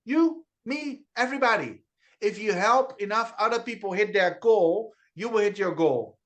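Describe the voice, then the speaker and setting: Speaking at normal speed in a high, animated, somewhat bright voice, this Dutch man, Dutch being his first language, runs a lively online network marketing training. He keeps circling back to key phrases, with restarts and stutters along the way.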